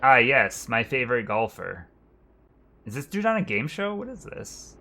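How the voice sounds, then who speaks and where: A man's voice: medium pitch, very animated, moderate pace, pushed and bright, slight background noise. A man streaming a video game, commentating casually and joking with frequent swearing. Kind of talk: let's-play commentary.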